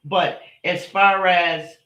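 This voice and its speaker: A woman's voice: on the low side, steady tone, very slow, dull audio. A middle-aged woman hosting a casual live stream, talking bluntly and emphatically to her viewers, often repeating herself and swearing. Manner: talks directly to chat viewers by name. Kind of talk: casual livestream chat with viewers.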